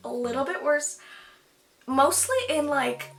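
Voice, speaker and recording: A woman talks to the camera in a candid, casual vlog at home, with a slightly high, very bright and forceful voice. She is chatty and self-deprecating, full of "like" and quick laughs. Faint music plays underneath. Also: vocal fry. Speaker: YouTuber.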